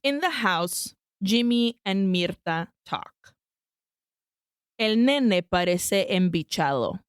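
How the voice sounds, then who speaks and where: Podcast co-host, woman, smooth, dry close-mic sound, casual bilingual plot recap. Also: mid-range voice, expressive, slow, no room sound. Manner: recaps the plot, switching between English and Spanish, swears freely. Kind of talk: casual film-recap chat.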